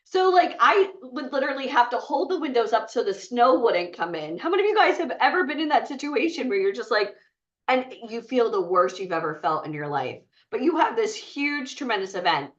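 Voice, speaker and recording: A woman's voice: a little high, very animated, fairly quick. A woman giving a blunt, chatty motivational talk to an audience, often asking the room questions. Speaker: bootcamp speaker. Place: event room. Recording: muffled sound from far off.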